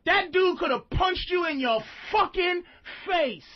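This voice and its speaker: A man's voice: very high voice, expressive, measured pace, no room sound, dull audio. A man hosting a radio show, ranting with profanity and heavy emphasis. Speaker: radio host. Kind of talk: comedic radio rant.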